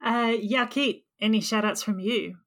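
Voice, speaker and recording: A woman's voice: on the high side, fairly even intonation, a little slow. A woman hosting a podcast in casual chat, upbeat and effusive, over a remote call. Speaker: podcast host.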